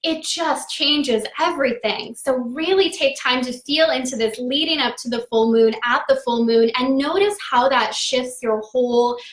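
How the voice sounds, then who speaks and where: High-voiced woman astrologer, roomy echo. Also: moderate pace, hardly any pauses. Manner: upbeat, affirming, greets viewers by name. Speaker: astrologer hosting a livestream. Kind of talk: live-stream astrology talk.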